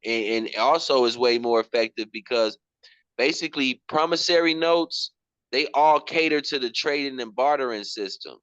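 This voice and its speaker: A man's voice: medium pitch, moderate pace, fairly bright tone, smooth, dry recording, highs cut off. A man teaching finances in casual slang, often repeating himself and calling his listener "bro". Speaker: program instructor.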